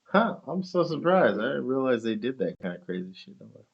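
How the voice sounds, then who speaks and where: A man's voice: medium pitch, big pitch swings, a little fast, gravelly, lo-fi sound. A man talking casually on a stream, rambling and swearing as he tells an argumentative story.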